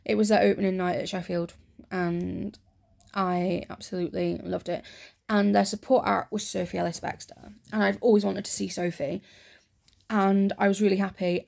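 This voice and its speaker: A soft-spoken woman rambles gently through stories for an ASMR chat, recorded close to the mic. Her voice has a gravelly edge of fry and sits at a middling pitch. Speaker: ASMR creator.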